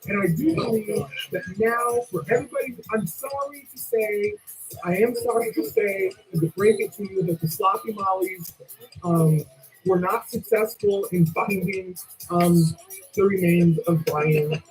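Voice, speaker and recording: A woman's voice: mid-range voice, expressive, unhurried, a little mellow, soft background music, low-quality recording. A woman hosting her own channel, talking in a chatty, sassy, rambling way full of fillers. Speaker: channel host. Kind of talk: casual commentary vlog.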